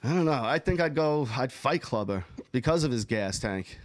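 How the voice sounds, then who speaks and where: A man's voice: medium pitch, lively intonation, normal speed, dry recording. Guy hosting a podcast, loose rambling chat, cusses a ton, dry studio mic. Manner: profane, emphatic, rambling. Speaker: podcast host. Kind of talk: casual chat.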